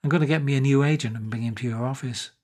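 A man's voice: mid-range voice, racing, a little mellow, close to an everyday voice. A man reading aloud and voicing a sly, down-at-heel male screenwriter.

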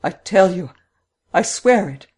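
A man's voice: sits high, expressive, takes it slowly, darkish tone, slightly rough, voice pushed up, heavily acted. A man reading an audiobook, voicing a frightened and obstinate middle-aged housekeeper who turns eager and pleading. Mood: insistent. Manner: dogged, then eager and pleading.

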